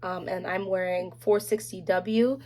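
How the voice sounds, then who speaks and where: A woman's voice: lowish voice, a little slow. Chatty woman reviewing beauty products. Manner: chatty, animated, slangy asides. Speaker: beauty vlogger. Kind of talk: casual product review chat.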